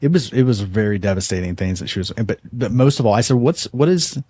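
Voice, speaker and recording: A man's voice: lowish voice, fast, mellow, breathy edge, no echo, studio quality. A man hosting a podcast, telling a story in an earnest, conversational way, often repeating words as he restarts a thought. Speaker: podcast host.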